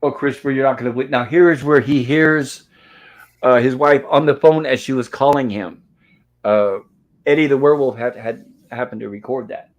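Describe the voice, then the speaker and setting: A man's voice: medium pitch, fairly even intonation, normal speed, dull audio. A man hosting a live movie review, narrating the film scene by scene and reading out its lines. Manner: retells scenes step by step, reads lines aloud. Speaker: host.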